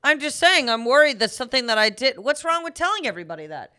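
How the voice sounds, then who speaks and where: A woman's voice: high voice, big pitch swings, fast talker, sharp tone, smooth. A young adult woman co-hosting a podcast, chatting casually in a playful, bantering way and laughing often. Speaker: co-host. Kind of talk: casual chat.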